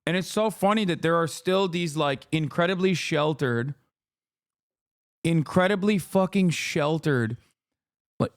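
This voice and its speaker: A man's voice: fairly high pitch, clean tone, no room sound, clean studio sound. A man streaming live, ranting with heated, profane commentary on a clip he is reacting to.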